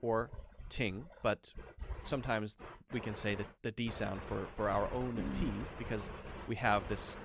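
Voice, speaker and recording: A man's voice: on the low side, fairly even intonation, moderate pace, noisy background. A man teaching English pronunciation, demonstrating sounds by repeating words over and over. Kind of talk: pronunciation lesson.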